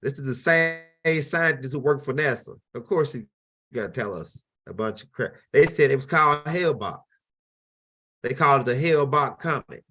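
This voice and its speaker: A man's voice: medium pitch, expressive, normal speed, sharp tone. A man hosting his own channel, talking casually and animatedly over video clips, rambling with many restarts. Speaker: host.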